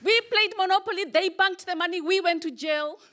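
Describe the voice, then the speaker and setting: A woman from Kenya performing a stand-up comedy set on a club stage, with punchy deadpan delivery and pauses for laughs. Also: very high-pitched, background noise.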